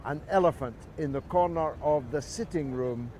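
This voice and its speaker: A man's voice: fairly high pitch, normal speed, dark tone, slight background noise. A man in his sixties with a Scottish accent, giving a scripted to-camera introduction as a presenter in a dramatic orator's delivery.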